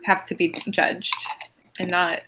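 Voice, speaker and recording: A young woman speaking earnestly and deliberately as a player in a tabletop game. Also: on the low side, little pitch movement, creaky, background noise. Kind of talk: tabletop role-play.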